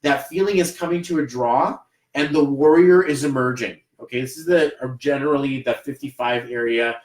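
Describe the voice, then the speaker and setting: Speaking at a normal pace in a medium pitch, this numerology reader with a Canadian accent rambles encouragingly through a live reading, leaning heavily on fillers. The recording is low quality and reverberant, picked up by a livestream camera microphone.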